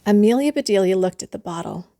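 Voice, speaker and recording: A woman reading a children's bedtime story aloud in a gentle, unhurried way. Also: medium pitch, lively intonation, noisy background.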